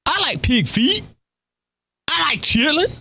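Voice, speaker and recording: High, playful man hosting a talk show. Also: sing-song, a little slow, sharp tone. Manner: laughing, quoting movie lines, playful. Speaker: radio show host. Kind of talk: casual chat.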